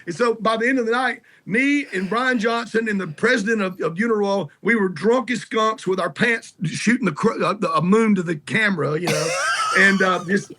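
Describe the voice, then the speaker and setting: A Southern-accented man with a high, bright, forceful voice spins loose, salty stories as a guest in a casual interview. His talk wanders from one tale to the next. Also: brisk. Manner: rambling, salty anecdotes. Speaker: guest musician. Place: garage.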